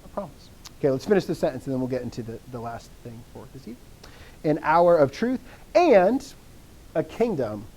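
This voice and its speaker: A man's voice: on the high side, sing-song, fairly quick, a little mellow. A man teaching a Greek grammar lesson, explaining step by step and quizzing students with encouraging replies. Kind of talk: live online lesson.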